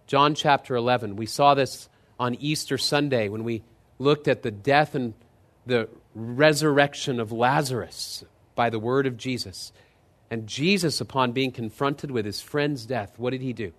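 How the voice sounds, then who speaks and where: A male pastor delivering a sermon in a mid-pitched voice. He retells scenes with rising, louder energy, then sinks low and quiet when he makes solemn points. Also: moderate pace.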